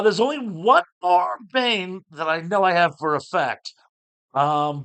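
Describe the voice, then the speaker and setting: Brief: middle-aged male host, casual rambling recap, bright and forceful, slightly high voice. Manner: rambling, lots of fillers. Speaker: show host.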